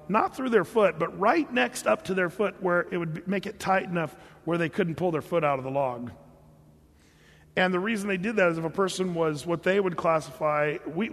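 A man's voice: high-pitched, big-room sound. A male pastor preaching a sermon, telling a story in a loose, conversational way with fillers and restarts. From California.

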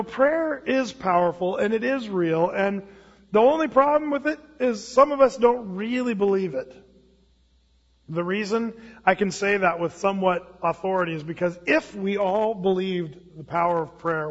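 A man preaching a sermon in a conversational storytelling way, often restarting phrases. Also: high voice. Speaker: pastor. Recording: dull lo-fi sound with long hall reverb.

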